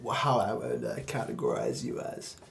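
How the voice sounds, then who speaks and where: Gravelly-voiced man in casual chat. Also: mid-range voice, moderate pace. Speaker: podcast co-host.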